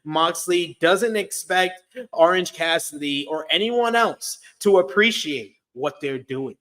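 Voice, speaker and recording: A man's voice: a little high, slow, fairly bright tone. A man co-hosting a wrestling review show, reading a blunt, wry recap of the episode.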